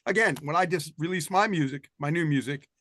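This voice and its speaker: A man's voice: fairly high pitch, brisk, bright, forceful tone. A man on a music industry panel chatting casually, sharing anecdotes and retelling conversations. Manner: anecdotal, quotes others in conversation. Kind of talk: casual chat.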